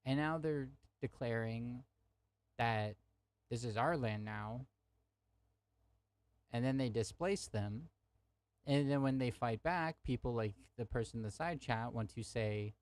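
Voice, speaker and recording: A man's voice: mid-range voice, unhurried, long pauses, darkish tone. Young man, live-stream debate, heated, swearing, speaks to chat. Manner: angry, profane, talks to chat.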